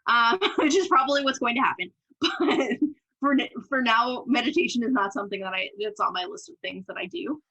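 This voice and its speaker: Bright-voiced woman, candid and laughing. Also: fairly high pitch, lo-fi sound. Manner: candid, quick to laugh, acts out her own past thoughts. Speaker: podcast guest, business owner. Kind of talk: casual interview chat.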